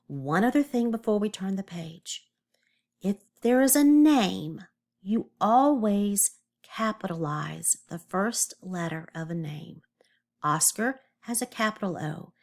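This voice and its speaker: A woman teacher reads a story aloud to young children and stops to explain. Her pitch swings widely and expressively. Her tone is encouraging and clear.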